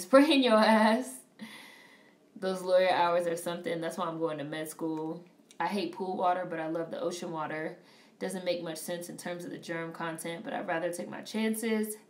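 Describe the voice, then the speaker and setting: A woman on a casual live stream who reads viewer comments aloud and reacts to a film in a blunt, profane, animated way. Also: lowish voice, recorded from a distance. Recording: roomy, off-mic sound.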